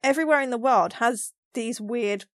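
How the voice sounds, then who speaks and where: A woman's voice: a little high, moderate pace, fairly bright tone, no room sound. A woman from England with a London Cockney accent, co-hosting a podcast in casual chat, laughing often as she explains things with examples. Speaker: podcast co-host.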